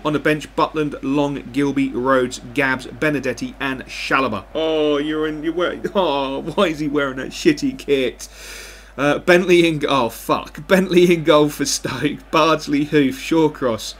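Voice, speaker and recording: Excitable man commentating gameplay. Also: medium pitch, slight background noise. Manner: animated, swings between excitement and frustration, swears. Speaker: gaming commentator.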